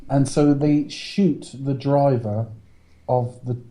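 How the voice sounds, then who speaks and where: A man's voice: medium pitch, steady tone, slow pace, dark tone, rough recording. A man co-hosting a casual film review podcast, recapping the plot at length with dry asides. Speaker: podcast co-host.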